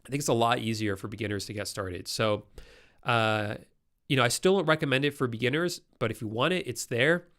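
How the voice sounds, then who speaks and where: A man hosting a casual live-stream Q&A, reading out viewer questions and answering them in a loose, chatty way. His voice sounds stuffed up and nasal from a cold, yet it still comes through smooth and resonant at a middle pitch. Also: a little fast, a bit bright.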